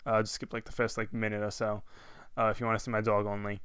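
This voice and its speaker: A young man casually telling a long story over gameplay as a commentator, animated and rambling, with constant "I'm like" asides. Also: lowish voice, quick pace, smooth, dry recording.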